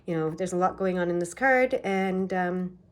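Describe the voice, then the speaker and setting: Fast-talking, excited woman reading tarot. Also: on the low side, smooth. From East Coast of Canada. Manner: fast, excited, chatty with many fillers. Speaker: tarot reader. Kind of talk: tarot card reading to camera.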